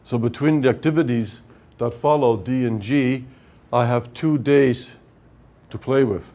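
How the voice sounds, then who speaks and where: A man leads a project management workshop with a whiteboard lecture, going through it step by step and often pausing on "right?" His mid-range voice is mellow and a little slow.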